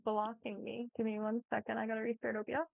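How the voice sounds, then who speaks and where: A woman's voice: a little high, monotone, fast talker, vocal fry, dry recording. A woman streamer chatting casually and sarcastically, swearing freely while reacting. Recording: dry, phone-like tinny sound.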